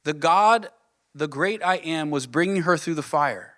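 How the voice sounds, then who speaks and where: A man preaching a sermon as pastor, earnest, asking the listeners questions and dropping to a soft, low voice on key points. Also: a little slow. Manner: earnest, builds with rising questions then drops soft.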